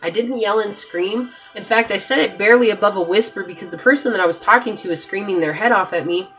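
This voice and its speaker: A woman's voice: mid-range voice, quick pace, a bit bright, soft background music. A woman giving a pick-a-card tarot reading, talking straight to her viewers with lots of emphatic repetition. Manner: emphatic, repeats herself, talks straight to viewers. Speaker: tarot reader.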